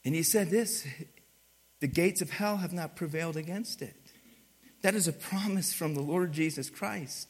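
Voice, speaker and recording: Preaching in a voice that sits high, a pastor alternates between soft instruction and loud, forceful moments. He asks his congregation for responses as he goes.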